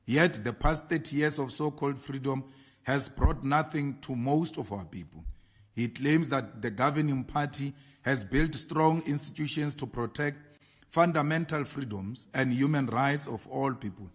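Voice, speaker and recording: A South African man, a party leader, reading a prepared political statement with slow, emphatic delivery of lists. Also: mid-range voice, slightly rough.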